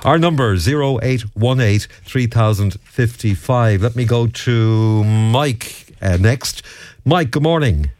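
A man with an Irish accent hosting a radio phone-in, brisk and quick to cut in on callers. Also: mid-range voice, lively intonation, darkish tone, no echo. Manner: brisk, interjecting, challenges callers. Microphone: studio microphone.

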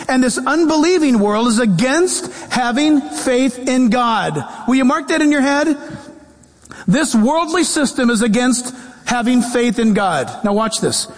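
A man preaching a sermon as pastor, animated and mixing scripture with humorous quoted voices. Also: very high-pitched. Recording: long reverb of a large hall.

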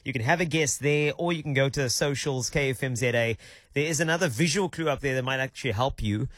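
A man's voice: medium pitch, fast talker, a bit bright, no room sound. A man hosting drive-time radio, upbeat and chatty at a studio microphone. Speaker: radio host.

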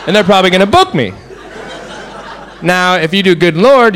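A man's voice: high voice, lively intonation, moderate pace, background noise. Rambling male stand-up comic. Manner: rambling, self-mocking storytelling. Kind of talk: stand-up routine.

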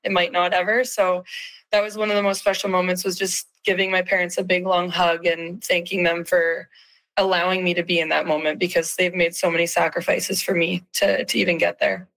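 A woman in her thirties, a hockey player speaking as an interview guest, slightly hoarse, upbeat, with frequent fillers and laughs. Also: lowish voice, flat delivery, fairly quick, a bit bright, poor audio. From Saskatchewan, Canada. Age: 30s. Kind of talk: casual interview.

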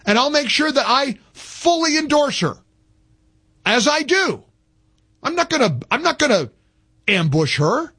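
A man's voice: very high voice, sing-song, measured pace, long pauses, sharp tone. A man hosting a talk radio show, ranting emphatically and reading an ad himself. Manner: fired-up, emphatic, repetitive. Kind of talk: talk radio rant and host-read ad.

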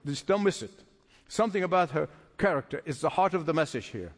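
A man's voice: on the high side, expressive, a little fast, big-room sound. A man preaching a sermon, emphatic and repeating phrases for stress.

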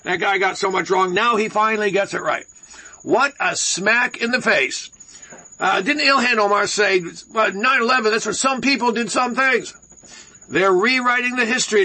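A man's voice: sits high, normal speed, bright, forceful tone, low-quality recording. A man from Detroit hosting a radio talk show, delivering a sarcastic, rambling monologue full of asides.

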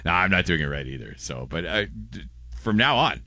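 A man's voice: sits low, brisk, no room sound, studio quality. An American man co-hosting a podcast, chatting casually and playfully. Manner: playful, jokey, animated. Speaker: podcast co-host. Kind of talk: casual chat.

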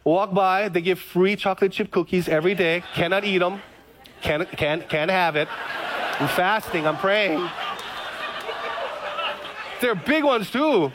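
A man's voice: high voice, unhurried, long pauses, a crowd in the background, noisy background. A middle-aged male pastor giving a sermon, telling stories with jokes and repeated phrases. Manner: animated storytelling, joking and repeating phrases.

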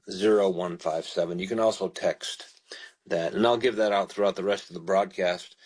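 A man preaching a radio sermon, reading scripture and then explaining it in an earnest, pastoral way. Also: lowish voice.

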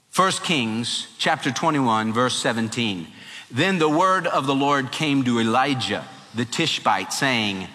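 A male preacher telling a Bible story in a folksy, animated sermon style. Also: mid-range voice, takes it slowly, long reverb tail.

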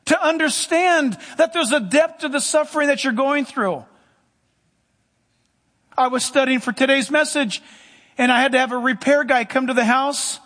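Male pastor, very high pitched, emphatic sermon storytelling, long hall echo. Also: normal speed, a bit bright.

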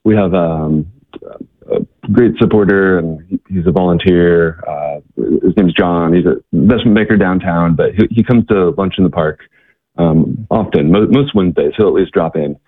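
A man telling earnest stories as an interview guest, halting with many restarts and fillers, over a phone-like line. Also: low voice, no echo. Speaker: guest, missionary organization worker. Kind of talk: interview storytelling. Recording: tinny phone-like line, dry.

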